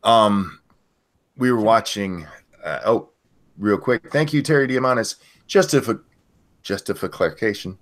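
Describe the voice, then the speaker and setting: Joking grandfather hosting a stream, lively pitch. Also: unhurried, pauses often. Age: older. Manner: profane, joking storyteller. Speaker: stream host. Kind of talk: casual livestream chat.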